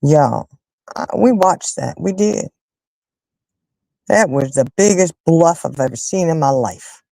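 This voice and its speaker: A woman hosting a casual chat with her viewers, telling stories in an animated, emphatic way and fussing loudly when annoyed. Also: low voice, takes it slowly, gravelly, no echo. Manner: animated, emphatic storyteller who rants and fusses. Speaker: livestream host chatting with viewers.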